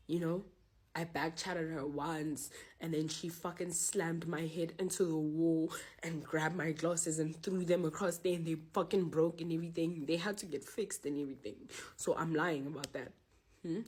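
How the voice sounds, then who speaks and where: A woman's voice: lowish voice, steady tone, normal speed, darkish tone, slightly rough. A young woman in a heated, swearing rant. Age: young adult. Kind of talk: angry personal rant.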